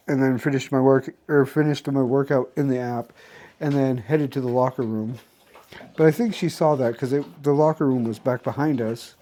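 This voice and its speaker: A man's voice: medium pitch, dark tone. A young man casually recapping his day for a vlog, rambling with many restarts and fillers. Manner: rambling, restarts often, filler-heavy storytelling. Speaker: vlogger.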